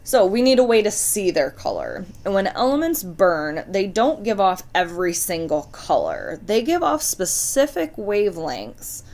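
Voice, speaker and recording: A woman's voice: mid-range voice, huge pitch swings, moderate pace, hardly any pauses, darkish tone. A woman teaching a science lesson, talking casually and putting questions straight to her students. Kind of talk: recorded classroom lesson.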